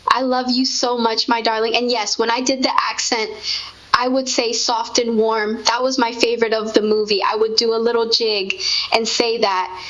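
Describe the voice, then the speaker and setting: A woman's voice: a little high, flat delivery, normal speed, a bit bright. A woman reminiscing in a sentimental, gushing way, in casual chat with her partner. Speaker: co-host. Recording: dull lo-fi sound.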